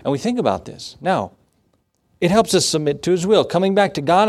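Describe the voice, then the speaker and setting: A man's voice: high-pitched, animated, fairly quick. Man preaching a conversational sermon. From United States. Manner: conversational, with laughs and acted asides. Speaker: pastor.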